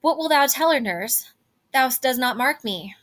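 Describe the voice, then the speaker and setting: An earnest, polite young lover speaking old stage verse, read by a woman. The voice is bright, with plain, light acting. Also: high-pitched, expressive, measured pace, voice pushed up, full character voice.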